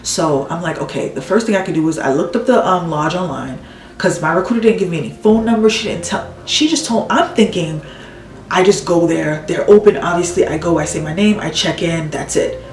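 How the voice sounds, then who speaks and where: A woman's voice: fairly low pitch, brisk, roomy sound, distant mic, poor audio. A woman telling a story casually, venting and acting out what people said while doing her makeup. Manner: animated, exasperated storytelling with acted-out quotes. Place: home room, doing makeup while talking.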